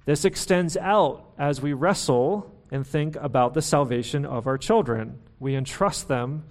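A man's voice: fairly high pitch, a little slow. Conversational male pastor preaching a sermon. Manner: conversational, self-deprecating, with fillers and restarts.

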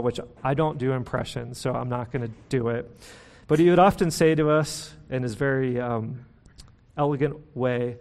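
A male pastor delivering a sermon in a loose, conversational way. He stumbles and restarts now and then, throws in fillers, and pokes fun at himself, and his voice sits at an ordinary middle pitch for a man. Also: a little mellow.

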